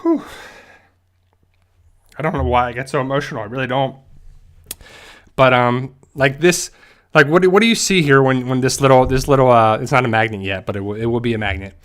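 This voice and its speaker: A man hosting a casual livestream, talking haltingly with many fillers and restarts and growing emotional at times. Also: medium pitch, fairly bright tone. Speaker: YouTube channel host.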